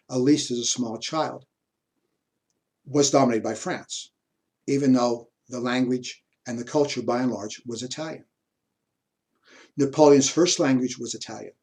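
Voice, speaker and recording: In a leisurely university history lecture, a man stops partway through sentences to add tangents. His voice sits at medium pitch and has a slightly mellow quality.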